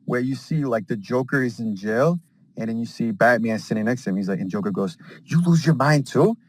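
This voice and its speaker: A man in casual group chat on an audio call, rambling excitedly with lots of slang and acting out scenes. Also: fairly low pitch, fairly quick, no room sound. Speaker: space call participant.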